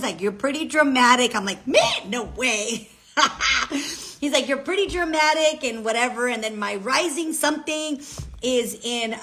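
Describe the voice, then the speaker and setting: A woman talking casually to her viewers in a personal vlog, chatty and expressive, often checking in with "okay?". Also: a little high. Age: adult with a child. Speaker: vlogger.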